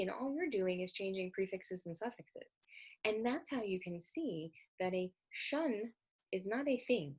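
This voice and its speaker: A woman's voice: mid-range voice, vocal fry, husky. A woman literacy educator giving an explanatory lecture in a conversational way, often asking rhetorical questions.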